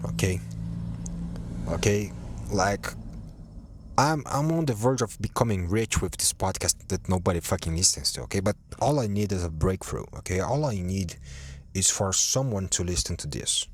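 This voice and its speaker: A man's voice: low voice, expressive, moderate pace, background noise. A young man hosting a solo podcast, ranting in a profane, rambling way with many restarts. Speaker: podcast host.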